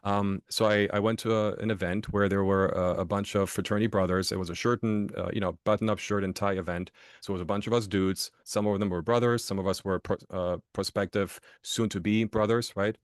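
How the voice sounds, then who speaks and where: A man's voice: on the low side, fairly even intonation, a little fast, hardly any pauses, dry recording, studio quality. A man from Germany, a podcast guest and author, telling stories in a casual interview, often restarting phrases and checking in with "right?".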